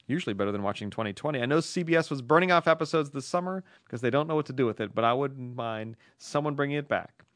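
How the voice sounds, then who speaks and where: A man's voice: mid-range voice, fast talker, a bit bright, dry recording, studio quality, natural voice. A man putting on a chatty Southern woman. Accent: Southern US, put on. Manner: reading a letter aloud in a put-on voice.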